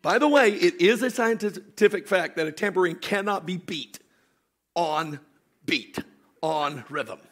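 A pastor with a high-pitched, unhurried voice delivers an animated sermon. He swings between shouted storytelling and hushed joking asides shared with his congregation.

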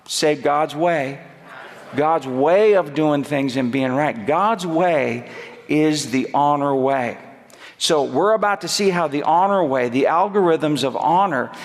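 A man preaching a sermon as a guest speaker, emphatic and rhythmic, dropping low and quiet on repeated phrases. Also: vocal fry. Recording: long hall reverb.

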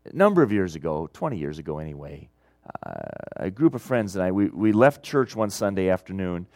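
A middle-aged man, a pastor, preaching a sermon in a storytelling way, moving between loud emphasis and quiet asides. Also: low-pitched, big pitch swings, a little fast, no room sound, clean studio sound.

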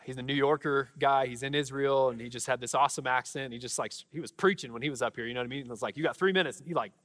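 A man's voice: medium pitch, fairly even intonation, racing, fairly bright tone, big-room sound. A young man preaching to his church, casual and fervent, full of fillers and restarts. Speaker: pastor. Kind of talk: sermon with prayer and testimonies. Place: church sanctuary.

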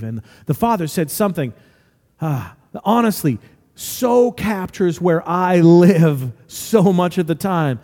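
A man preaching a sermon as pastor, lively and acting out the voices he quotes. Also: high voice, normal speed, in a large hall. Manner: animated, acts out quoted voices.

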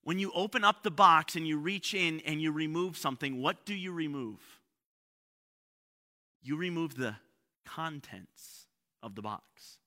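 A man's voice: on the high side, bright, forceful tone. A man pastor preaching a livestreamed sermon, repeating key lines and asking rhetorical questions, building to emphatic peaks. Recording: long hall reverb.

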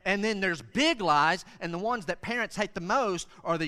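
A middle-aged man from Western North Carolina, preaching an animated sermon as pastor. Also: high-pitched, moderate pace, hardly any pauses, long reverb tail. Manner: animated preaching, acts out kids' voices.

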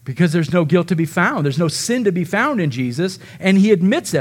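A male pastor preaching a sermon, animated and dramatizing the words of the figures he describes. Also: high voice, brisk.

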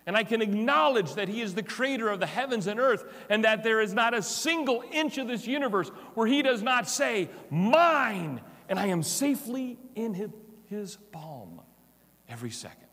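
A man's voice: sits high, expressive, moderate pace. Impassioned male pastor in a reverberant hall. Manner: swings from hushed tender lines to loud emphatic declarations. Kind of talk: sermon.

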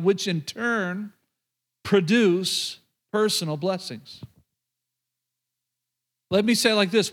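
A man preaching a sermon to a live congregation, lively and joking, with quick asides to the room. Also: high-pitched. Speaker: pastor. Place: church before a live congregation.

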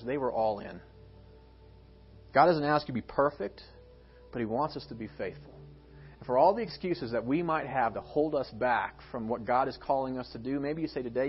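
A man preaching a sermon as pastor of a church, swinging from soft, quiet lines to emphatic, raised ones. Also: medium pitch, fairly quick, breathy edge, dull audio, faint music behind. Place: church sanctuary.

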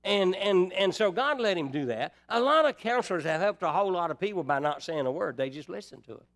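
High-voiced preacher, folksy. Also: male voice, expressive, a little fast, a bit bright. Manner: folksy, asks the congregation rhetorical questions. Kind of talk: sermon.

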